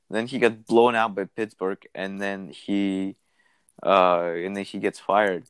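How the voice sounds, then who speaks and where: A man's voice: fairly low pitch, steady tone, unhurried, fairly bright tone, clean tone, no room sound. A young man from Canada, co-hosting a podcast and ranting loosely, swearing, with laughs between lines. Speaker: podcast co-host. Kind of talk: casual chat.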